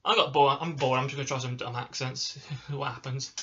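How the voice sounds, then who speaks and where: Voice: mid-range voice, steady tone, brisk, fairly bright tone, breathy edge, dull audio. A hyperactive, caffeine-wired vlogger rambling casually and restarting sentences. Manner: hyperactive and giggly, restarts often.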